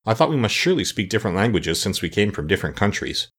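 A man's voice: lowish voice, very animated, fast, a bit bright, breathy edge, heavily acted. A man voicing a simple, earnest pumpkin-headed wooden man in an audiobook, sounding eager to please and easily flustered. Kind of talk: audiobook character voice.

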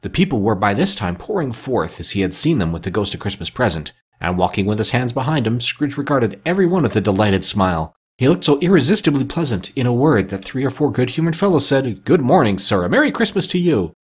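Husky, lively male storyteller. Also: medium pitch, fairly quick, few pauses. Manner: lively, expressive reading. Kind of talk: storybook narration.

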